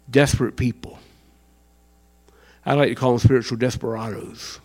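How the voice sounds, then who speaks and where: A man preaching a sermon in an animated way, acting out the voices of fans and worshippers. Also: mid-range voice, creaky. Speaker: pastor.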